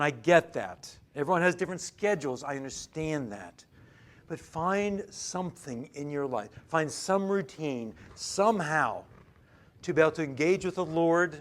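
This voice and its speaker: A man preaching a sermon to his congregation in church, his voice sitting a little high for a man. He pushes key words out loudly, then drops to hushed, almost whispered asides. He stumbles and restarts phrases often as he talks. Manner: animated, swinging from loud emphasis to near-whispered asides; frequent stammered restarts. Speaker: pastor.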